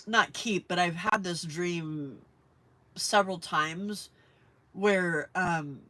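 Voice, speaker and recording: A woman's voice: on the low side, takes it slowly, a bit bright. A woman hosting a live crafting stream, chatting casually and rambling as she works and answers her viewers. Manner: rambling, chatty, often laughs, reads live chat. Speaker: crafting livestream host. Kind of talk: casual chat while crafting.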